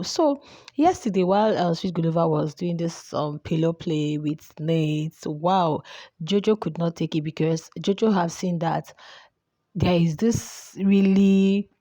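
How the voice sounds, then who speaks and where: A woman's voice: fairly low pitch, warm tone, dry recording. A young woman commenting casually on a reality show, chatty and repeating herself with many fillers. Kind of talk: casual chat.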